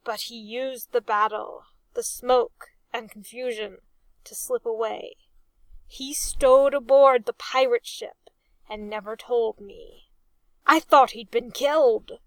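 A woman reading the lines of an older male ship captain, loud and emphatic as he recalls his past. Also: a little high, steady tone, slow, no room sound, low-quality recording. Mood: proud.

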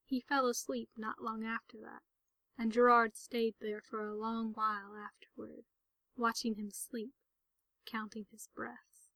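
Slow, soft-spoken woman narrating a story. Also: a little high, level tone, creaky, dry recording, poor audio.

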